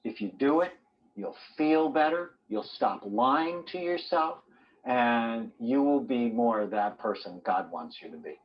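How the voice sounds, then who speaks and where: A man's voice: mid-range voice, expressive, a little slow, lo-fi sound, a little hiss or hum. A man, a doctor, giving a motivational self-help talk, telling stories and acting out what people said. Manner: storytelling, acting out quotes in varied voices.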